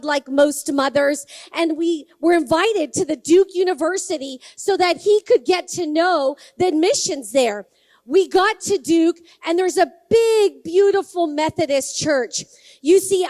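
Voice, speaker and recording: A woman's voice: very high-pitched, no room sound. A woman, a congressional candidate giving a campaign speech and telling stories while talking directly to the crowd. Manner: conversational storytelling, addresses the crowd directly.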